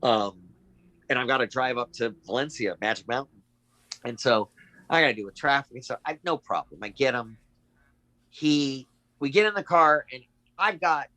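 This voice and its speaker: Man, middle-aged, crisp bright tone, dry close sound, lively storyteller. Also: mid-range voice, no room sound, low-quality recording. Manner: animated, acts out quoted voices. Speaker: guest actor. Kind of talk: casual anecdotal storytelling.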